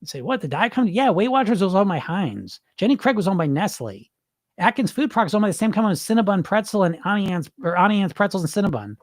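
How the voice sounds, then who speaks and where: Man, weight-loss podcast host, blunt, swears, high lively voice. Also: quick pace, no room sound, clean studio sound. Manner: blunt, profane, animated and emphatic. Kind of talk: unscripted podcast monologue reading listener comments.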